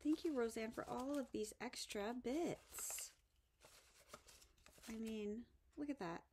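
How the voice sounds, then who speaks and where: A woman vlogging a craft haul in a casual show-and-tell style, gushing over each item and dropping to soft whispers. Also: a little high, slow, slight background noise.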